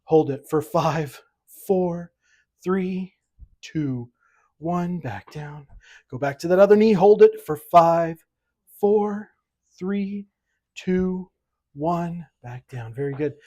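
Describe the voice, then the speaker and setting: An instructor leads a seated exercise class at home, counting each rep aloud. The coaching is upbeat, steady and mid-pitched, broken up by light jokes. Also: takes it slowly, long pauses. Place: at home with pets around.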